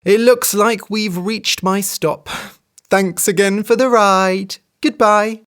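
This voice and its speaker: A storyteller voicing a wily, cheeky female hare in a children's story, speaking high, chirpy and sly. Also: steady tone, slow, fairly bright tone, smooth.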